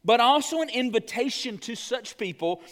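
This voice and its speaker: High-voiced pastor preaching. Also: male voice, animated. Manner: earnest, addresses the congregation directly; slows down on key phrases. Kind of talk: sermon.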